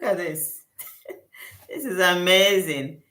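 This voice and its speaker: Speaking slowly in a lowish, pushed and bright voice, a woman working as a skincare consultant runs a relaxed livestream Q&A. She gushes, repeats herself, and keeps thanking viewers. There's a roomy echo.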